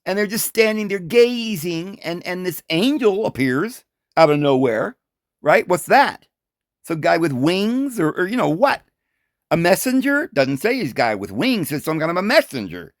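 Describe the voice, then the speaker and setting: In a chatty teaching style, a man walks through scripture, throwing out rhetorical questions and laughing briefly now and then. His pitch is high and moves across a wide range, and his manner is animated. The sound is dry and intimate, lacking any room ambience.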